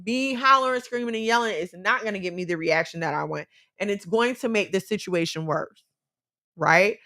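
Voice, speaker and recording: A woman talks through relationship advice in a relaxed, conversational way. She is earnest and persuasive, often repeating a phrase for emphasis and returning to faith as the root of her points. Her voice sits at an ordinary pitch for a woman. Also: moderate pace. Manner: faith-based encouragement. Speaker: co-host giving relationship advice. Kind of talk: casual advice chat.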